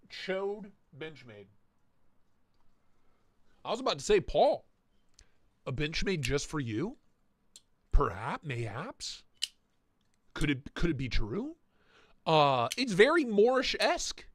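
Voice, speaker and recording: Lively joking man, stuffy nose, dry close mic. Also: high voice, slow, pauses often, no room sound. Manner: joking, riffing, mock-indignant asides. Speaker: livestream host reviewing knife listings. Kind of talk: casual live-stream chat.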